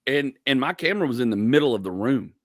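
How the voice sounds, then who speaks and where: A man hosting a relaxed chat with a fellow comic, wandering through stories and acting out what others said. The sound is close and dry, with no room around it. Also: mid-range voice, fast, dry recording. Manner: rambling, quotes people in put-on voices. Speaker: podcast host. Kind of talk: casual chat.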